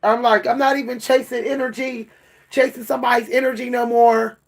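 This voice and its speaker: Weary woman venting with a gravelly fry. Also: on the high side, level tone, brisk. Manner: weary, repetitive, stumbling over words. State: worn out. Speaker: vlogger. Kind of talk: emotional venting monologue.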